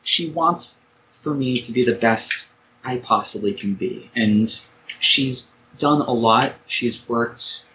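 A man in his twenties calling in, speaking hesitantly with many pauses and "um"s. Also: mid-range voice, noisy background. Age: 20s. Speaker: caller. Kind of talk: call-in conversation.

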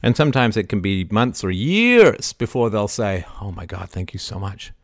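Middle-aged guy ranting on his live show, lowish voice, gets loud then drops soft, dry close sound. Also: animated, moderate pace, no echo. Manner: passionate, swings from soft to loud emphatic outbursts. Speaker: show host. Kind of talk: impassioned live-stream monologue.

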